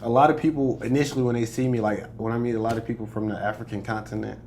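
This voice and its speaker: A man's voice: mid-range voice, fairly even intonation, racing, a little mellow, slight background noise. A young American man, a comedian, chatting casually in an interview, boastful and joking, laughing often. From United States. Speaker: comedian guest.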